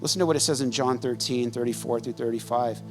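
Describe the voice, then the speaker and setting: A man's voice: medium pitch, steady tone, quick pace, over music. A man preaching a sermon as pastor, telling stories conversationally and laughing often.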